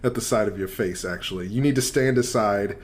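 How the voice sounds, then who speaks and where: A man voicing a scornful male lizardfolk guard captain in a low, cold, menacing voice. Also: fairly quick, natural voice.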